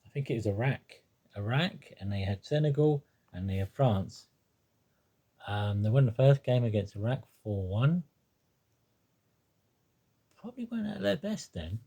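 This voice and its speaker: A man talking casually about a football team, rambling and hesitant, with many pauses, ums and restarts. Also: mid-range voice, sing-song, warm tone, breathy edge. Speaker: football fan commentator. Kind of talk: casual spoken monologue.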